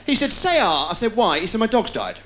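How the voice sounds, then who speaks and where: A man doing stand-up, firing off deadpan one-liners and puns. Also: high-pitched. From England. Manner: rapid-fire deadpan puns with quick delivery. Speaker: stand-up comedian. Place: live TV studio with a laughing audience. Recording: loud crowd laughter, noisy 1990s TV broadcast.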